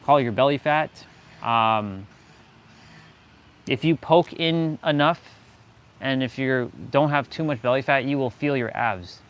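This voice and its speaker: A man's voice: mid-range voice, unhurried, long pauses, a bit bright, smooth. Rambling, joking man on a fitness livestream. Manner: rambling, joking, loose and chatty. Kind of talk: casual livestream chat.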